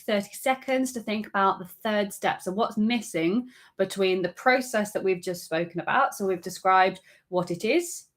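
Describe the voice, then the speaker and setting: A woman teaching, methodically explaining an exam answer step by step. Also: medium pitch.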